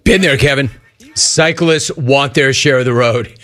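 A man's voice: mid-range voice, a little slow, a bit bright. A man hosting a call-in radio show, joking and riffing between callers. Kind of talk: casual talk radio hosting.

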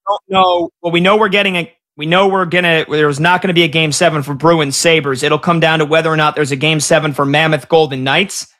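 A man hosting a live sports talk show, recapping scores with excited reactions. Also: on the high side, fairly quick, few pauses. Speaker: sports betting show host.

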